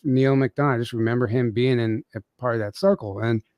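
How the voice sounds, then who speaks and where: A man's voice: mid-range voice, steady tone, a little fast, no room sound, dull audio. Rambling man telling a story. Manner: rambling, many fillers and restarts. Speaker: podcast guest. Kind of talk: casual storytelling.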